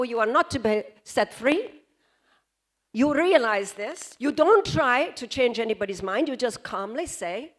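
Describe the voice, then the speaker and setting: Woman quoting a calm guy directing a play, patient coaching notes, high voice, slow.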